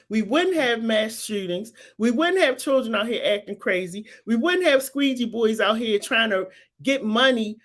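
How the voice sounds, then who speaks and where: Emphatic fifty-something woman commentator. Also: fairly high pitch. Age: 50s. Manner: emphatic, repetitive, preacherly insistence. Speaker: talk show host. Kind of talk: live-streamed commentary answering viewers.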